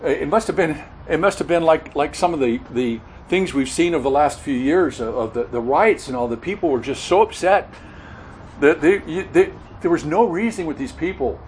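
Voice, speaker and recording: A man preaching an expository sermon, earnest and halting, often repeating words and correcting himself mid-sentence. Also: on the high side, lively intonation, darkish tone, a little hiss or hum, rough recording. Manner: earnest expository teaching, stresses key words.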